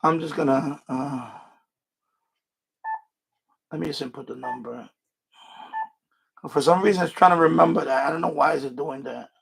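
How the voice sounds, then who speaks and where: A man's voice: mid-range voice, vocal fry, fairly bright tone, a little hiss or hum. A man hosting a casual live stream. He rambles, restarts his sentences and swears now and then at his equipment. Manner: rambling, frustrated asides and mild swearing; repeats himself and restarts sentences.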